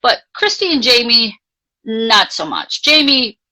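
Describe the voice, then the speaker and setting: Bright-voiced woman telling a spiritual story. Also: fairly high pitch, a little slow, poor audio. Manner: chatty, animated, frequent filler "like", casually profane. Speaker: guest, life coach. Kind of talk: casual storytelling in a live interview.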